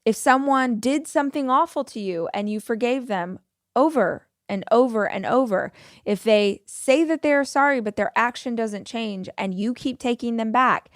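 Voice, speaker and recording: Woman podcast host, 40s, firm and emphatic motivational delivery, slightly high voice, dry close-mic sound. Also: normal speed, no echo. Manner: firm, emphatic advice-giving with acted example lines.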